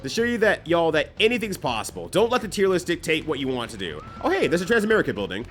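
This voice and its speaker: A man's voice: on the high side, sing-song, quick pace, fairly bright tone, slight background noise. A man streaming a game live, giving loose, joking commentary that swears casually and rambles between bits.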